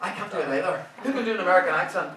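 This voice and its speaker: A man's voice: high voice, lively intonation, racing, a crowd in the background. A man in his fifties with an Irish accent doing a stand-up set, swearing freely and teasing the audience. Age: 50s. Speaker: stand-up comedian. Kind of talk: stand-up set with crowd work. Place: comedy club stage. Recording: roomy club sound from a distant mic. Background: audience laughter.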